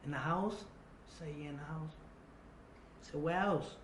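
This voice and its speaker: A man telling a long personal story in an interview. He repeats phrases, acts out remembered dialogue and drops to a low, quiet voice for the tense parts. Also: moderate pace, slight background noise. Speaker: interview guest. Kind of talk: casual storytelling. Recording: roomy echo.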